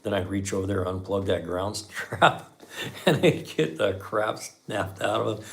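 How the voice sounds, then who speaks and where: This middle-aged man's voice is lowish, creaky, and a bit bright, and he speaks expressively without hurrying. Hosting a live stream as a mechanic, he talks casually with his viewers, tells folksy shop stories, and uses "man" often.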